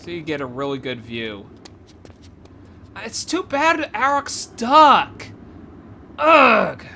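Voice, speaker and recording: Excitable woman exploring a game glitch. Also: medium pitch, slow, slight background noise. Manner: excitable, gasping, says "oh my gosh" often. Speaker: gameplay video creator. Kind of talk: excited gameplay commentary.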